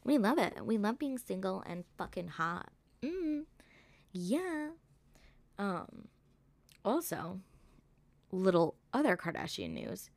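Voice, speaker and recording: A woman's voice: mid-range voice, very animated, slow, vocal fry, long pauses, a little mellow, no room sound. A young woman hosting a solo gossip podcast, rambling and sarcastic with constant swearing. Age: young adult. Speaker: podcast host.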